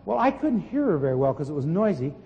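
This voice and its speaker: Man, preacher, sermon, animated storytelling, sudden shouts, high voice, long hall echo. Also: fast, creaky, dull audio. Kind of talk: sermon teaching with testimony.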